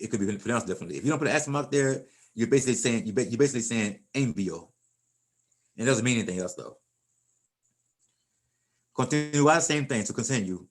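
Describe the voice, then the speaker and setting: A man teaching a language class in a loose, conversational way. He talks at an ordinary middle pitch and often repeats or restarts words as he works through an explanation. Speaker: Spanish teacher. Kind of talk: casual classroom lesson.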